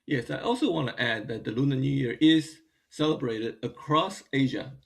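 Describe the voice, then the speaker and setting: A man being interviewed as the director of a dance company, answering slowly with many pauses and restarts. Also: medium pitch, animated, creaky. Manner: halting, many fillers and restarts.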